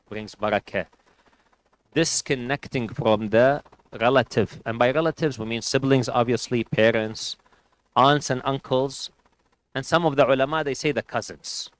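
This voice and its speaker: A man's voice: a little high, fairly bright tone, clean tone, no room sound, rough recording. A man giving a sermon at a community gathering, earnestly advising parents and families and mixing in Arabic religious phrases. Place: community centre hall.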